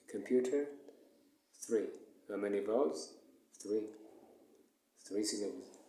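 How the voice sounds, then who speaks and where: Low, mellow man teaching in an echoey room. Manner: explains slowly, repeats words and counts syllables aloud. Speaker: English teacher. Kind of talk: recorded online lesson.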